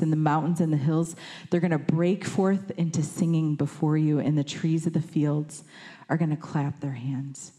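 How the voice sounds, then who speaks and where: A woman giving a conversational sermon, reading scripture and acting out quoted lines with lively shifts in voice. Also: low voice, moderate pace. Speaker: preacher.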